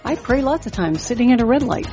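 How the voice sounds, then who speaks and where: Fast and expressive, a middle-aged woman with a fairly high, warm voice hosts a trading podcast on lo-fi audio with faint music behind her. As a coach, she tells stories and motivates earnestly, saying "you know" a lot.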